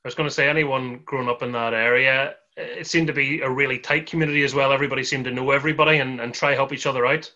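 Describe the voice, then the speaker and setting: A male podcast host with a bright, forceful tone asks his questions in a friendly, easygoing manner. His pitch is ordinary, and the audio sounds muffled. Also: steady tone, quick pace, few pauses. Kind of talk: casual interview chat.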